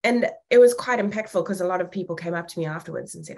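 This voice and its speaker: Blunt, low-voiced woman co-host. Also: fast, darkish tone. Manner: blunt, swears freely, laughs often. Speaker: podcast co-host. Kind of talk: casual chat.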